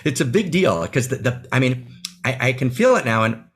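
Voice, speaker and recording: A man appearing as an author guest on a video call has a medium-pitched, fairly bright, slightly rough voice with big pitch swings at a moderate pace. He speaks emphatically and with feeling, near tears at times, often adding "right?" to his phrases.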